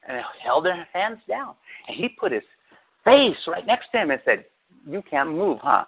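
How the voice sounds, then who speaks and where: A middle-aged man preaches with a high, lively voice, drifting into stories and sarcastic jabs. The sound is thin and tinny, as if it came over a phone-line radio broadcast. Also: normal speed, husky. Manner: animated storytelling with sarcastic asides. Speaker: pastor. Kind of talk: sermon.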